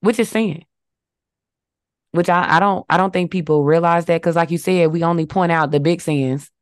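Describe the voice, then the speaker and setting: A woman with a lower voice co-hosts a faith podcast on a dry, close mic. She reads scripture aloud and teaches in numbered points, affirming her co-host along the way. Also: steady tone, normal speed, no room sound. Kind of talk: casual faith talk with scripture.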